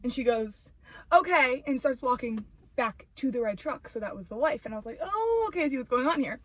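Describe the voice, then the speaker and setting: A woman of twenty-one telling a story as an animated, profane rant, full of filler "like". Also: on the high side, fast, dry recording, low-quality recording. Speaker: vlogger. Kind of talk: ranting storytime.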